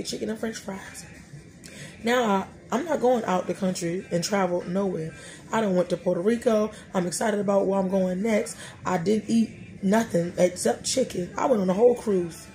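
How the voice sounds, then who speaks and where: Gravelly-voiced woman telling stories. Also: mid-range voice, normal speed, mellow, slight background noise. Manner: colloquial, storytelling, joking. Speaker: podcast host. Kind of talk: casual faith talk.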